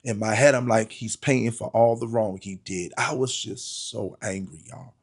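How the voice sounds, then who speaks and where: A man's voice: on the low side, moderate pace, slightly rough. A middle-aged man, a pastor, earnestly telling a personal testimony, often repeating words and calling listeners "y'all".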